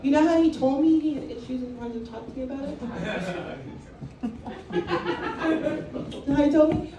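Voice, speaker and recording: A Brooklyn, New York woman does stand-up in a comedy club, telling blunt, profane stories with animation. Her voice is on the high side and brisk with frequent pauses, and the distant mic picks up club echo, background noise and crowd laughter.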